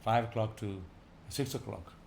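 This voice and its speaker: Visiting speaker, male, energetic informal class, light background noise. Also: on the low side, normal speed, creaky. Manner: animated, rising loud for emphasis, chuckling.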